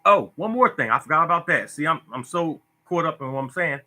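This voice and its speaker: Man, livestream host on a phone, keeps repeating himself with feeling, slightly high and very bright voice. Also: lively intonation, fairly quick. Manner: preachy, repetitive, emotional. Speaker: lottery tips host. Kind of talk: casual Facebook live talk.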